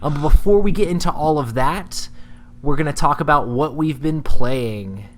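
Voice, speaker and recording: A man hosting a casual gaming podcast, talking in a relaxed, unhurried way. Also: on the high side, a little hiss or hum. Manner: relaxed, drawn-out pauses, laughs easily. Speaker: podcast host. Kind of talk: casual chat.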